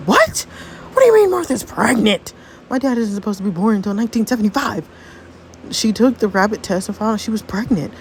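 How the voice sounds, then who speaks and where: A woman's voice: medium pitch, fast talker, a little hiss or hum, pitched above the performer's own voice, natural voice. Woman voicing Tyler, a loyal teenage best friend. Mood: supportive. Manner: reassuring, excitable.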